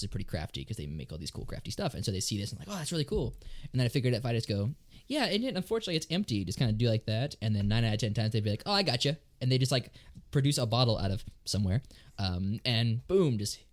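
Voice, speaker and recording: A man's voice: lowish voice, fast, darkish tone. A man, a band's guitarist, chatting casually and telling cheesy jokes in a playful storyteller's way. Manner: playful storyteller, puts on pirate voices in jokes. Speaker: band guitarist.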